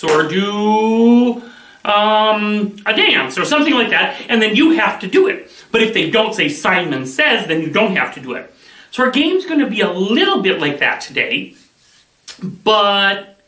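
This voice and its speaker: A man leads a children's Bible lesson with lively, swooping pitch and a bright, forceful tone. He sounds upbeat and playful as he calls out game commands. The voice sits back from the mic in a roomy, echoing space. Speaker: children's ministry teacher. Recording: echoey room, voice from a distance.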